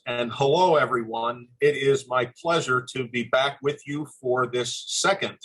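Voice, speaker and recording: An older man leads a formal webinar over a video call. He talks in an earnest, measured, courteous way, and his voice sits at an ordinary middle pitch. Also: sharp tone, low-quality recording. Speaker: webinar presenter, former admissions dean.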